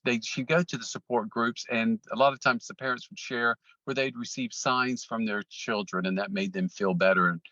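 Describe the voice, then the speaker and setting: A man's voice: medium pitch, fairly even intonation, moderate pace, hardly any pauses, bright, forceful tone, no echo, muffled recording. A man telling a long personal story as an interview guest, rambling with many ums and restarts. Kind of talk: casual storytelling.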